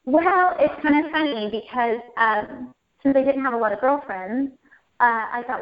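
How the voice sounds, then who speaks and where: A woman telling her personal story in an interview, animated and emotional, repeating phrases as she goes. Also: a little high, normal speed. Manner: animated, repeats herself, laughs and tears up. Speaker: interview guest. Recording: muffled lo-fi audio.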